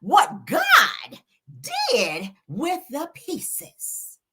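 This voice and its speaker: A woman's voice: extremely high pitch, huge pitch swings, sharp tone, a little hiss or hum, pitched above the performer's own voice, heavily acted. A woman imitating a singer's rising, impassioned voice. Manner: slow, drawn-out and pleading.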